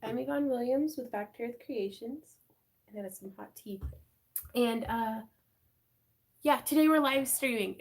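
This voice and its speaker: A woman's voice: fairly high pitch, a little mellow. Giggly bubbly woman hosting a live craft stream, chatting with viewers and her cat. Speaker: craft channel host.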